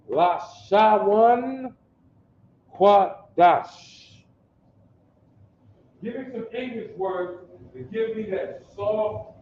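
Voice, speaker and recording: A man's voice: high-pitched, slight background noise. Man, Detroit accent, teacher calling on his class, roomy echo, dull distant mic. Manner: calls on the class, drills pronunciation slowly. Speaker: teacher of a basic Hebrew class.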